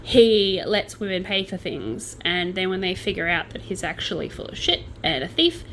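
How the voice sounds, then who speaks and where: A young Australian woman tells a true crime story as a casual, chatty host. Her pitch swings up and down with plenty of life, and she drops in sardonic, playful asides. Faint background noise sits under her voice. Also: sing-song, normal speed, a bit bright, low-quality recording.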